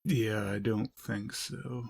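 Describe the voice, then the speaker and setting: A woman's voice: very deep voice, steady tone, slow pace, creaky, darkish tone, slightly rough. A woman co-hosting a podcast in casual chat, joking and laughing often. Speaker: podcast co-host.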